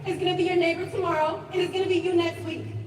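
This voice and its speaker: A woman's voice: very high voice, little pitch movement, quick pace. A woman giving a nervous but fiery speech at an outdoor protest, often asking the crowd "all right?". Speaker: protest speaker. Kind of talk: impassioned rally speech. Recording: echoey, distant, loud crowd and street noise.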